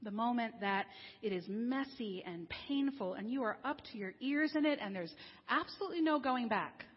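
A woman minister delivers a sermon in a breathy, slightly raised voice. Her tone is conversational and wry, and she eases into slower, weightier phrasing at the serious moments. The sound is dull and muffled, with a long reverb tail from a large hall. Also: a little high, animated.

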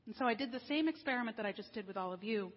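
Husky-voiced woman preaching in a reverberant hall. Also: on the high side, lively intonation. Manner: conversational and wry, slowing down for serious points. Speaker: minister. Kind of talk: sermon. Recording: dull lo-fi sound with long hall reverb.

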